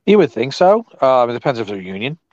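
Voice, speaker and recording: A wry, joking man co-hosting a podcast, tossing out puns in casual chat. His voice sits at a middle pitch. The sound is dry and a little dull, as if from a lo-fi mic. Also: big pitch swings, brisk, a little mellow, no room sound. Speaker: podcast co-host.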